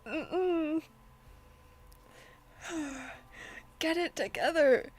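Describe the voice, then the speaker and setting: A woman's voice: very high voice, lively intonation, drawn-out words. A young woman streaming a visual novel, reacting in an exasperated way with frequent sighs and fillers. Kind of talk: casual gameplay commentary.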